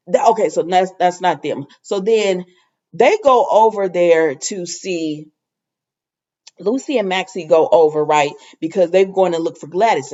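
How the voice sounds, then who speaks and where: A woman's voice: fairly low pitch, darkish tone. A woman giving a casual, rambling spoken recap. She acts out the quotes in a raised voice. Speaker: recap vlogger. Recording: dull lo-fi recording.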